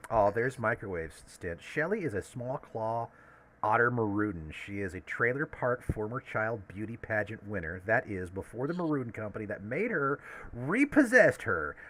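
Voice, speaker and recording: Lively, bright-voiced male game master. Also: lowish voice, normal speed, a little hiss or hum. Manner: lively, laughs often while narrating. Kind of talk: running a tabletop game.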